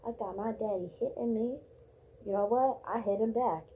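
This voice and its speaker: A woman's voice: on the high side, normal speed, phone-quality sound, a little hiss or hum. A young woman vlogging alone in a casual, profane, rambling rant full of fillers and rhetorical questions. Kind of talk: casual ranting monologue.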